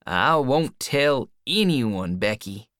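A woman voicing an eager young boy in love in a storybook reading, a little above her own pitch. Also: lively intonation, takes it slowly, fairly bright tone, no echo, studio quality, exaggerated voice. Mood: earnest.

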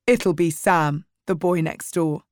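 A coaxing, jovial middle-aged father, read by a woman. He speaks at an unhurried pace. The sound is dry and close. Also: on the low side, fairly even intonation, no echo.

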